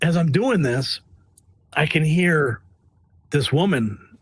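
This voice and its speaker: A man working as a press correspondent, telling stories in a blunt, animated way during a casual interview. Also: a little high, measured pace, pauses often, breathy edge, dry recording. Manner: blunt, animated, acts out quotes. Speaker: White House press correspondent.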